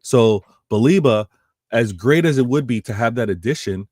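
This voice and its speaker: A man's voice: medium pitch, lively intonation, normal speed, darkish tone, no echo, clean studio sound. A man co-hosting a casual football chat, rambling and restarting his phrases. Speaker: co-host.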